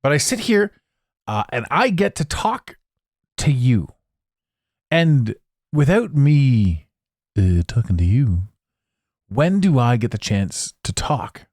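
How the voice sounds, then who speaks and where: A man hosting a solo podcast, rambling in a jokey, animated way into a close microphone. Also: mid-range voice, slow pace, pauses often, dry recording. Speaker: podcast host. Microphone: close studio mic.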